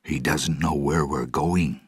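A puzzled pirate first mate, slow on the uptake and full of questions, voiced by a man. The voice stays close to the reader's own, very deep and husky. It sounds dry and close to the mic. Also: fairly even intonation, no echo, heavily acted. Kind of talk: storybook read-aloud.

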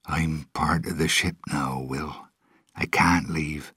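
A weary old pirate, as a storybook narrator puts him on, speaking quietly and with resignation in a very deep, husky voice. Close and dry, with no room sound. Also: male voice, fairly even intonation, slow, no room sound, heavily acted. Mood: resigned. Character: old weary male pirate father, cursed.

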